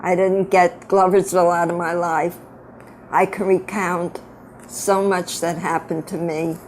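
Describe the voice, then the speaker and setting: Speaking to family about her life, an older woman in her eighties recalls her girlhood frankly and fondly; she's from upstate New York but has a Brooklyn accent. Her lowish, darkish voice is flat and measured, with a little hiss or hum in the background.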